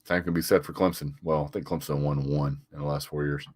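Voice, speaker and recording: A man's voice: rumbling low, flat delivery, brisk, darkish tone. A man doing a casual live stream, reading viewers' comments aloud and answering them with frequent "sir"s, little chuckles and stammered repeats. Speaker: sports vlogger reading live chat.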